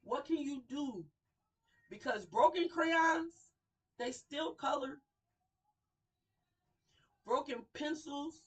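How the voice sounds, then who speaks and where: Slow, impassioned woman preaching from afar. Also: high-pitched, distant mic, low-quality recording. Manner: emotional, repetitive preaching cadence, swells and drops in volume. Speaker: radio show host. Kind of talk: impassioned sermon-style talk.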